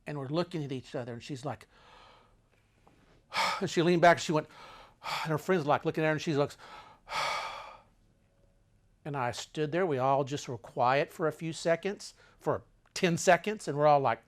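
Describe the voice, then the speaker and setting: An older man telling a travel story with dramatic, animated delivery that swings between loud and hushed. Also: on the high side, unhurried, pauses often.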